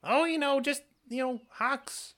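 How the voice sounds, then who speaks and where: A man voicing a tiny, timid, scatterbrained rabbit with a high squeaky voice and simple-minded answers in a tabletop game. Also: a little slow, bright, forceful tone, full character voice. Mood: scared, simple.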